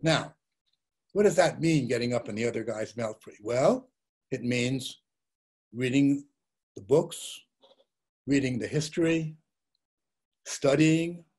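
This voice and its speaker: A man's voice: mid-range voice, slow pace, long pauses, darkish tone, slightly rough. An older man giving a talk as a journalist, reflective, telling stories and posing rhetorical questions. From Russia and the United States. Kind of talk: lecture.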